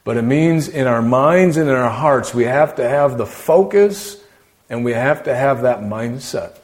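Man preaching with rhetorical questions. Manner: conversational preaching, rhetorical questions, voice drops low for emphasis. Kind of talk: sermon.

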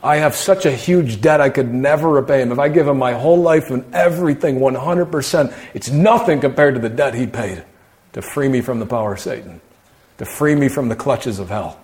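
Speaking a little fast in a darkish tone, a preacher keeps his sermon conversational. Rhetorical questions come often, and he frequently lowers his voice for emphasis.

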